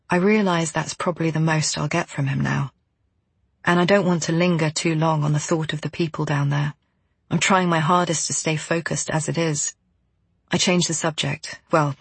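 A woman reading a first-person novel aloud as an audiobook narrator, in a steady, measured way. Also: low voice, creaky, slightly rough, no room sound.

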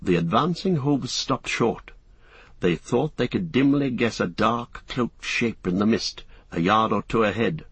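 Male narrator, low and slightly husky, measured audiobook storytelling, dry booth sound. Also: animated, a bit bright, dry recording.

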